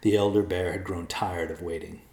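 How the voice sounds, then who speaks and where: A man narrating a storybook in a calm, measured way. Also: deep voice. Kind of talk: storybook reading. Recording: echoey room.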